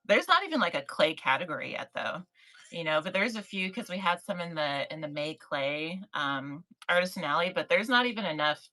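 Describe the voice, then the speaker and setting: Bright-voiced woman hosting a live chat. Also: on the low side, rough recording. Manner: chatty, encouraging, reads chat names aloud. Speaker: livestream host for sellers.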